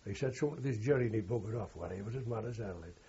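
A man's voice: fairly low pitch, racing, mellow, breathy edge, lo-fi sound. An older man, a war veteran, telling rambling anecdotal recollections in an interview. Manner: rambling anecdotal, frequent "you know" and "like". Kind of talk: oral history recollection.

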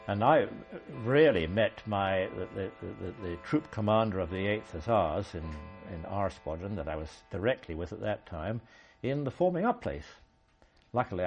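An older man, a former army officer, recalling his service in a measured, halting way with frequent hesitations. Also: fairly low pitch, darkish tone, lo-fi sound. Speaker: army veteran interviewee. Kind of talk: oral history recollection.

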